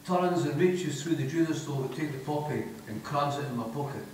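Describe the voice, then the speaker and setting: Scottish guy reading his own filthy funny story on stage, kinda high voice, big hall echo, faint hiss. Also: brisk, darkish tone. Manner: broad, swearing, wry storytelling in dialect. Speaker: author reading aloud. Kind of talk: live reading of crude comic first-person fiction. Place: theatre stage. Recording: echoey theatre from a distance.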